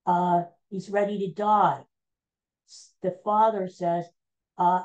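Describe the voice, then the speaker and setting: A woman hosting a podcast, recapping old TV episodes in a casual, meandering, animated storytelling way. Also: mid-range voice, unhurried, lo-fi sound. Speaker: podcast host.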